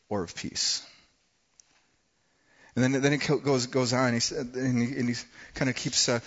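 A man preaching a sermon, telling a personal story in a conversational way with dramatic pauses. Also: medium pitch, highs cut off. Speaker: pastor.

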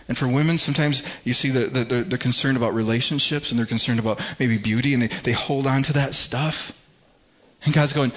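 A middle-aged man delivers a sermon as a pastor in a relaxed, conversational way. He repeats words as he thinks aloud and often acts out what others might say. The recording sounds a little dull and muffled. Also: mid-range voice, a little fast. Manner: conversational preaching, acts out quoted voices.

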